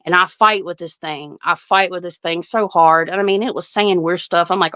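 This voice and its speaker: A woman's voice: on the low side, steady tone, normal speed, few pauses, a bit bright, dry recording, muffled recording. A woman, a psychic medium guest telling a story in casual chat, earnest and emphatic. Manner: earnest, emphatic retelling with frequent restarts.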